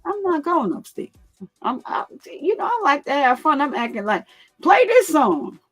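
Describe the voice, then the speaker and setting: A woman hosting her own channel, speaking casually to her viewers in an animated way, repeating phrases and laughing often. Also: high-pitched, moderate pace, faint music behind. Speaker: commentary channel host.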